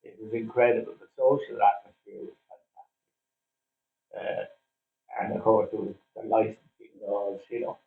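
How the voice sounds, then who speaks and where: A man's voice: lowish voice, little pitch movement, vocal fry. Older Irish man telling old stories. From Ireland. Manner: chatty storyteller with frequent "uh" pauses. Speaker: interviewee, former cricketer. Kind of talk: casual reminiscing interview. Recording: distant, phone-like, roomy sound.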